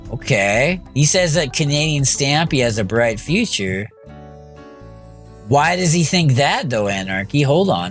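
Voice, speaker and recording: A man live-streaming a game, thinking out loud and answering his chat as he goes. His pitch swings up and down a lot while he talks, and faint music plays behind him. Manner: scattered, self-talking, reacting to chat. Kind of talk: casual live-stream commentary.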